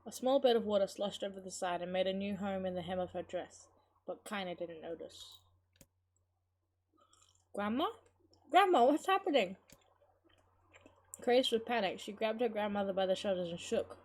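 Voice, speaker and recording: A woman streamer with a medium-pitched voice reads a game's story aloud fairly quickly, over loud game music. She keeps breaking off to curse at the game and make casual, chatty asides.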